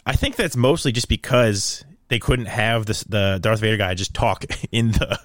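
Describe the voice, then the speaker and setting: A man's voice: lowish voice, moderate pace, no echo. Young man, casual podcast chat, rambling, laughing a lot, dry close mic. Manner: rambling, laughs often, jokey put-on voices.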